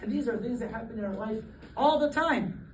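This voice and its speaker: A rabbi giving a Torah class, lively and often laughing as he acts out the people in his stories. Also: extremely high pitch, brisk. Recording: echoey room, voice from a distance, faint background noise.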